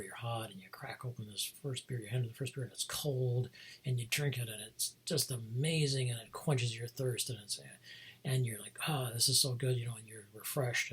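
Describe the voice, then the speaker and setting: Very breathy, husky rambling vlogger. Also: mid-range voice, a bit bright. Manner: meandering, many fillers and restarts, chuckles often. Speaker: vlog host. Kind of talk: casual rambling monologue.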